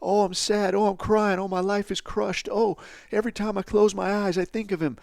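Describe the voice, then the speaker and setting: A man putting on a high, whiny voice to mock a sad young woman in a podcast rant. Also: steady tone, normal speed, creaky, a little mellow, no room sound, studio quality. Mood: mock weepy. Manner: whiny, exaggerated mockery.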